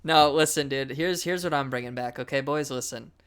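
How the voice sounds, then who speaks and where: A young man from Maine co-hosting a casual podcast, animated, swinging between loud outbursts and low mutters. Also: a little fast, clean tone. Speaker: podcast co-host. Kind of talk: casual chat.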